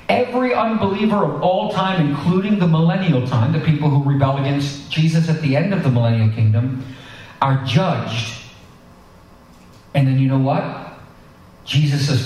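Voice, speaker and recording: A man's voice: fairly high pitch, normal speed, a little mellow, far from the mic. A man preaching a sermon and reading scripture, talking conversationally with asides to his congregation. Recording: echoey hall, voice picked up from afar.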